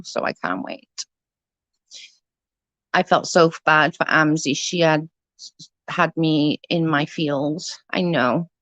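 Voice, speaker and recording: A woman's voice: sits low, dry recording. Chatty woman, casual and dry-sounding. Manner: chatty, laughs often, swears casually. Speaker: livestream host. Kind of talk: casual storytelling chat.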